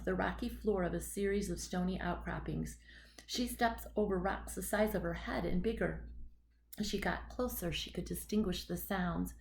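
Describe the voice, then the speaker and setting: A woman narrating an audiobook story in a steady, measured storytelling voice. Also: medium pitch, vocal fry, a little hiss or hum, low-quality recording. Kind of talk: scripted narration.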